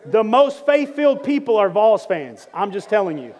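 A man preaches in a church with a high, bright-pitched voice, moving between soft prayer and playful teasing of his congregation. His words ring out with a long reverb from the hall around him. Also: moderate pace, some chatter behind. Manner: lively, joking preacher who prays and teaches. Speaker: pastor. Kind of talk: sermon. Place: church sanctuary.

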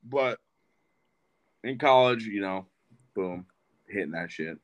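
A man's voice: on the low side, lively intonation, takes it slowly, dull audio. A man in his twenties, a podcast guest, telling a rambling, profane story in casual chat. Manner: rambling and profane, with frequent restarts.

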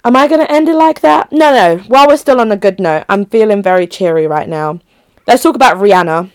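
A woman's voice: medium pitch, expressive, a little fast, clear, resonant tone, dry recording, studio quality. A young woman chatting casually on her own to her listeners, rambling and giggly. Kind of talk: casual solo chat to listeners.

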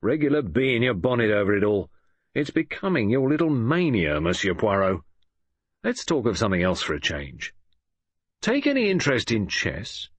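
A man's voice: fairly low pitch, very animated, moderate pace, slightly rough, no room sound. A man reading an audiobook, voicing a brusque, hearty middle-aged police inspector who talks in a blunt, teasing way.

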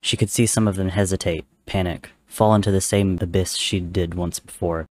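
Deep-voiced man reading a story. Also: fairly even intonation, normal speed, a little mellow. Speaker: narrator.

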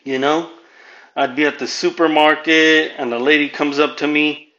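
A man's voice: fairly high pitch, fairly even intonation, moderate pace, bright, forceful tone, poor audio. A man from Southern California doing a profane, rambling stand-up monologue as a podcast host, dropping Spanish phrases into his English. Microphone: home podcast mic.

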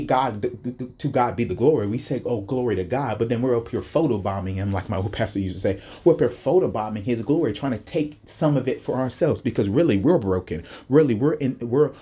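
A man giving an impassioned sermon-style talk, repeating himself and rising sharply in pitch when worked up. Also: dark tone, breathy edge. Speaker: preacher. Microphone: speaking to a recording device.

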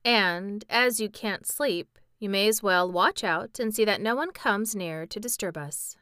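A woman voicing an earnest young boy who gives brisk instructions in a storybook reading. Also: medium pitch, pushed and bright, clear, resonant tone, no room sound, studio quality.

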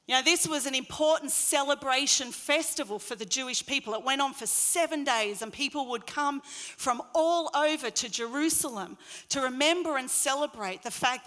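A woman preaching a sermon in an expressive way, her voice rising into loud calls at its peaks. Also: sits high, long reverb tail. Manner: expressive, rising to loud acted crowd cries.

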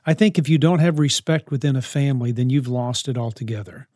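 A man's voice: medium pitch, brisk, darkish tone, no echo, clean studio sound. Earnest man giving parenting advice. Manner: earnest, coaching, with frequent restarts. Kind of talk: answering parenting questions.

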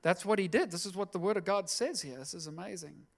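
Brief: male pastor, high pitched, casual sermon with playful asides. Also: fast, vocal fry. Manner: chatty, jokey asides.

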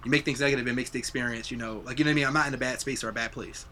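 A man's voice: medium pitch, steady tone, rapid-fire, a crowd in the background. A young adult man hosting a podcast, chatting casually and reflectively, swearing freely. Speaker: podcast host. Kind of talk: casual chat.

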